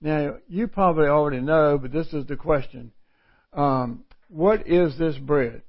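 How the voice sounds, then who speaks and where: Folksy middle-aged preacher, slightly high voice. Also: male voice, a little slow. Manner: folksy, repeats phrases for emphasis. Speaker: pastor. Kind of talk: sermon with scripture reading. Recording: dull lo-fi recording.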